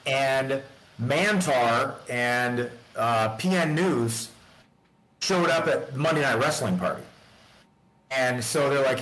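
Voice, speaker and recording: A man's voice: medium pitch, slow pace, fairly bright tone. A man telling rambling stories in casual chat, often laughing and acting out the dialogue. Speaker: podcast guest, storyteller. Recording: echoey room.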